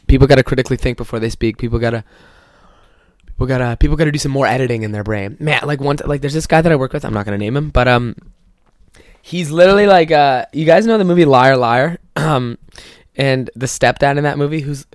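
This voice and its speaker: A man's voice: mid-range voice, darkish tone, no echo, clean studio sound. A young man hosting a podcast, ranting casually with lots of swearing and mocking impressions of people he quotes. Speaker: podcast host. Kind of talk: casual comedic rant.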